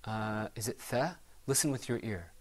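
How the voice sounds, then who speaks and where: A man teaching a recitation class, asking students questions, praising their answers and modeling pronunciation slowly for them to repeat. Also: fairly low pitch. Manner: patient, encouraging, models pronunciation slowly for repetition. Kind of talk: classroom tajweed lesson.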